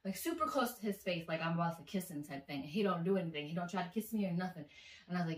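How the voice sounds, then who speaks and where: A woman's voice: fairly low pitch, fast talker, far from the mic. Chatty woman vlogger in an echoey room. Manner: chatty, animated, swears freely. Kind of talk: casual storytelling to camera. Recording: echoey room, voice slightly off-mic.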